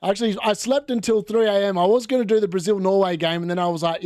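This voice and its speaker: A young man with a fairly high voice talks through a live football watchalong, chatty and rambling as he reacts to the game. The sound is dry and close, with no room echo. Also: fairly even intonation, fast talker, darkish tone. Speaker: watchalong host. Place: room at home.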